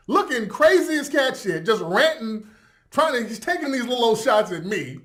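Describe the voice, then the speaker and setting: A man's voice: extremely high pitch, sing-song, moderate pace, a bit bright. A man hosting a reaction video, giving profane, incredulous, mocking commentary and laughing as he talks.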